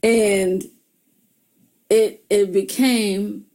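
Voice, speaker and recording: Middle-aged woman host giving upbeat self-help advice to viewers, quick to laugh. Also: medium pitch. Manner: animated storyteller, laughs often, addresses viewers as y'all. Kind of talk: motivational talk.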